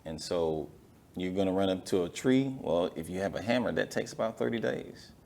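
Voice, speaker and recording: A man's voice: sits low, animated, moderate pace, gravelly. A man hosting a business interview show, reflecting on what his guest said and affirming it. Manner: reflective, gives affirming murmurs, gentle teasing. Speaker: podcast host.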